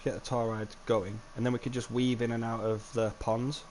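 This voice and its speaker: A young man giving live gameplay commentary as a streamer, chatty, with frequent swearing and sudden excited outbursts. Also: mid-range voice, normal speed, slight background noise. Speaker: livestreamer.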